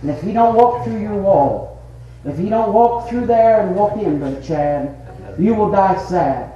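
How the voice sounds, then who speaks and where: Preacher, high chanted sermon. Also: male voice, animated, measured pace, warm tone, dull audio. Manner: rises into chanted, sing-song preaching; fervent, addresses listeners by name. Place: church sanctuary. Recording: echoey church room.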